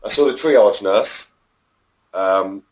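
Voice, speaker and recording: Chatty guy in his thirties, lowish voice, swears a lot and tells long stories. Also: slow, poor audio. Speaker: podcast guest, former backyard wrestler. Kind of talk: casual storytelling interview.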